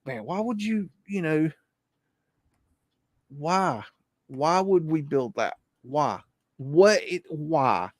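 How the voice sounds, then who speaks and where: A man hosting a livestream, talking in an excitable, profane, rambling way. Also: sits high, moderate pace, dry recording, clean studio sound. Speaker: livestream host. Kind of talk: casual livestream commentary.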